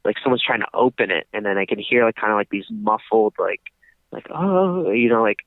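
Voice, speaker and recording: A man's voice: lowish voice, fairly even intonation, fast talker, no room sound. A young man co-hosting a podcast, telling a long story in casual chat, full of fillers and restarts. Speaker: podcast co-host. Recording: dry, tinny phone-like sound.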